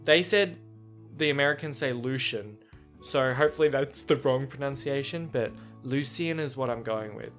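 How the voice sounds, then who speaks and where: An excitable, chatty man reacting to a book he reads aloud, with a bright, forward voice. His delivery is casual. Faint guitar music plays softly behind him. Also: mid-range voice, moderate pace. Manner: excitable, chatty, laughs often.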